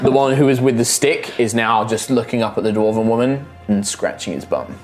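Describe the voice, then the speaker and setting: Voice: medium pitch, fairly quick, music in the background. A game master narrating a tabletop game in a loose, giggly way with lots of fillers.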